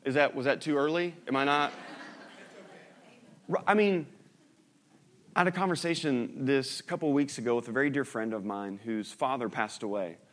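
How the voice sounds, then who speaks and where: A man's voice: mid-range voice, normal speed, pauses often, fairly bright tone. Guy preaching, chatty sermon voice, keeps asking the crowd questions. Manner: conversational, asks the congregation questions, jokes. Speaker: pastor.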